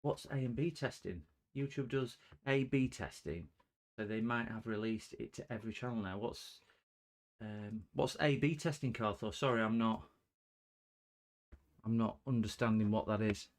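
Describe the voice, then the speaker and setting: Chatty low-voiced man, joking. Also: moderate pace. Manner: chatty, joking with chat viewers, punny. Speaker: livestream host repairing electronics. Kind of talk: casual live-stream chat.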